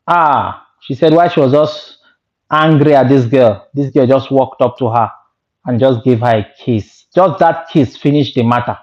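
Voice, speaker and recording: A man vlogger telling a story in an animated, exclaiming way and moralizing to his viewers. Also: medium pitch, moderate pace, highs cut off. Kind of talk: storytelling monologue.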